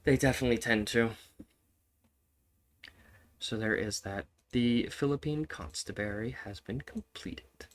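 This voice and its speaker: A man's voice: medium pitch, measured pace, long pauses. A man giving casual, swearing commentary while playing a strategy game, repeating himself and laughing often. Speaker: gaming streamer.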